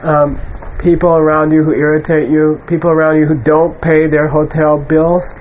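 Male teacher, casual storytelling, fairly high-pitched, dull lo-fi recording, clear traffic noise behind. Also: level tone, normal speed. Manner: storytelling, conversational, frequent "you know". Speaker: spiritual teacher. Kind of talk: informal dharma talk.

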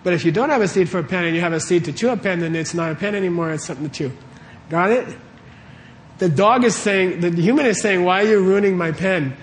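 This fast-talking man has a high voice and lively intonation, offering a relaxed Buddhist talk to a live crowd in a warm room. Slight background noise is present, and he keeps it conversational, quizzing the audience and tossing in "okay?" and "right?"

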